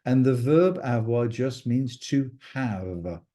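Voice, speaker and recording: A man's voice: medium pitch, animated, slow, warm tone. A man teaching a French lesson, patiently explaining verbs and repeating each conjugation. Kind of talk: recorded language lesson.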